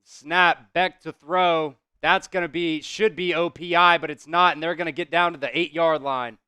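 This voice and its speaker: A man hosting a live stream, calling plays casually, reacting loudly, swearing and talking to his chat. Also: on the high side, moderate pace, smooth, dry recording. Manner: excitable, swears, talks to chat. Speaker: host doing live play-by-play.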